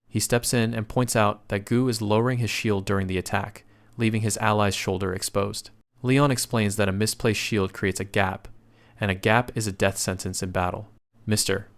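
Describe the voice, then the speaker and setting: A man narrating a comic story recap in a steady, scripted storytelling delivery. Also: fairly low pitch.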